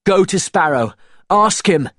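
A man's voice: fairly high pitch, expressive, measured pace, husky, no echo, clean studio sound, voice pushed up. A man reading aloud voices a desperate young blacksmith who speaks in a raised, pleading voice. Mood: urgent.

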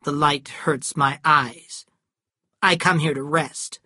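A woman's voice: low-pitched, steady tone, takes it slowly, pushed and bright, husky, no room sound, clean studio sound, exaggerated voice. A narrator voicing a cold, bitter middle-aged woman with aching hands, speaking curtly in an audiobook. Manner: curt, cutting. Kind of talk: audiobook character voice.

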